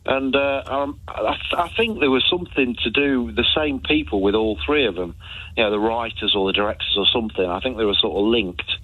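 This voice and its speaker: A man's voice: medium pitch, brisk, no room sound. Guy on a phone line, mid voice, um-ing and reminiscing. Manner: reminiscing, hesitant fillers. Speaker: radio caller. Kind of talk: chatty phone-in call.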